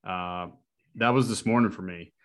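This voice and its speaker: A man with a fairly low voice hosts a casual podcast chat. He talks in an upbeat, energetic way and tells jokes. His delivery is loose and conversational. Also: normal speed. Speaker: podcast host.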